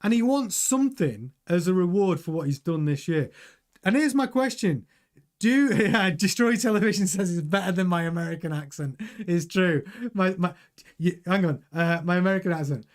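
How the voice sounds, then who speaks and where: Male stream host, high-ish voice, chatty, stumbling restarts. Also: lively intonation, moderate pace. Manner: chatty, restarts and repeats words. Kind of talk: live-stream news commentary, reading chat.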